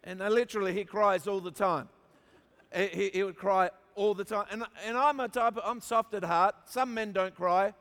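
An Australian pastor with a high-pitched voice preaches to a church crowd, mixing humor with emphatic, repeated build-ups. His words carry a long reverb from a large hall. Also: fairly even intonation, normal speed, a bit bright. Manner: storytelling with humor, emphatic repetition. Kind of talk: sermon.

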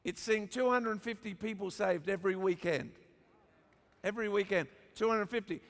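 Preaching a sermon to his church crowd, a high-voiced Australian pastor mixes humorous storytelling with emphatic, repeated build-ups. He speaks at a moderate pace with a fairly bright tone, and a large hall gives his voice a long reverb.

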